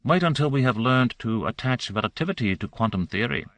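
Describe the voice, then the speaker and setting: A man voicing a joking, teasing male crewman with a drawn-out delivery. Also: medium pitch, animated, fairly bright tone, no echo, pitched above the performer's own voice. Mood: playful.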